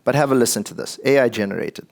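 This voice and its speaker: A man's voice: medium pitch, quick pace, creaky, darkish tone. A man giving a conversational, joking tech presentation to an audience. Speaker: conference speaker.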